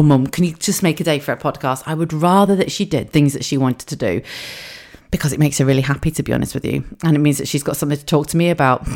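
A woman's voice: low-pitched, a little mellow. A woman in her forties hosting a solo podcast, telling stories in a chatty, earthy way. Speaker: podcast host. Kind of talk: casual solo podcast storytelling.

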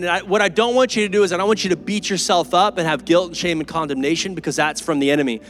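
A pastor preaching an earnest, emphatic and conversational sermon in a church. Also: male voice, high-pitched, fast, fairly bright tone, slight background noise. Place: church sanctuary.

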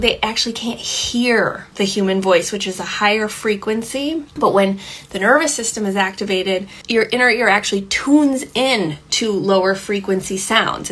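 A woman hosting a parenting podcast, explaining tips in a relaxed, chatty way, often checking in with "okay" and slowing down to stress points. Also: medium pitch. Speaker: podcast host and parenting coach. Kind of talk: casual podcast teaching.

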